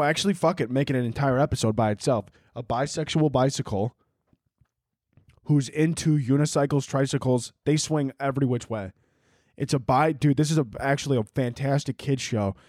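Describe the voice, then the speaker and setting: A man's voice: medium pitch, darkish tone, no echo, studio quality. A young man hosting a solo podcast, rambling and joking crudely, filling his talk with "like" and "dude". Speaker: podcast host.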